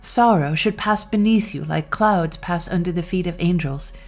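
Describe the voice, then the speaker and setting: A woman reading an audiobook, voicing an earnest, lovestruck young male doctor in a measured way. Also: fairly low pitch, darkish tone, soft background music.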